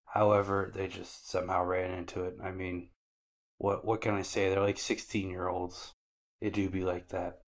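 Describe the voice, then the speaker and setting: A man's voice: low voice, level tone, moderate pace. A man co-hosting a podcast, casually recapping anime episodes in loose slangy talk and acting out the characters' lines.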